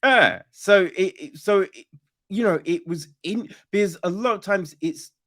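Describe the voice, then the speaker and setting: A man hosting a podcast, talking casually about films in a halting way with many restarts. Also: high voice, expressive, fairly bright tone. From Britain. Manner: halting, restarts, laughs easily. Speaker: podcast host.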